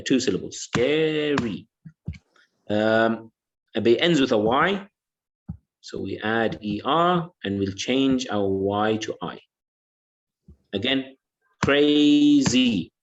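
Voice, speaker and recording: Male English teacher, patient and repetitive, mid-pitched, dull online-class audio. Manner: patient, repeats words and says "yeah" often.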